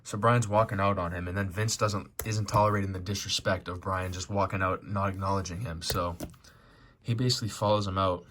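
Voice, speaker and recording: A man's voice: sits low, steady tone, a little fast, a bit bright. A man giving casual, rambling commentary on a movie, swearing and joking as he goes. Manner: rambling, profane, joking asides. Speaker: movie reaction host.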